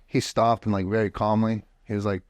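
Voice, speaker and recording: Man, low voice, frank and profane storyteller, dry close sound. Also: flat delivery, fairly quick, darkish tone, no room sound. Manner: blunt and profane, with frequent restarts. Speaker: podcast guest. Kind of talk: casual storytelling. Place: home office.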